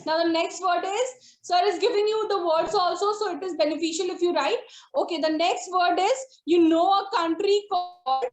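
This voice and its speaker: Woman, pronunciation teacher, repeats words slowly, high voice, echoey room. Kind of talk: online class instruction. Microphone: video call.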